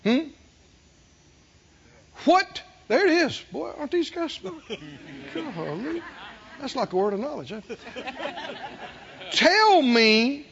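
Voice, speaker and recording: Man, preacher, high voice, wide swinging pitch, animated, questions to the congregation. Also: slow, gravelly, pauses often. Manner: animated, acts out the people he quotes, asks the congregation questions. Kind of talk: sermon. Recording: dull lo-fi sermon recording.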